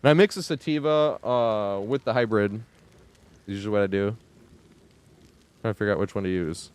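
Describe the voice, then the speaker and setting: A man streaming a game live, ranting in exasperation with frequent swearing and yelling at the screen in bursts. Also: fairly low pitch, normal speed, clear, resonant tone. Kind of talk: live gameplay commentary.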